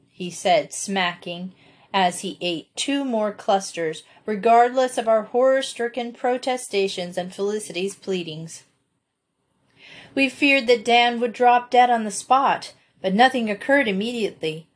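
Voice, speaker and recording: A woman reading a classic children's novel aloud with steady, expressive storytelling. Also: medium pitch, unhurried. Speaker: audiobook reader.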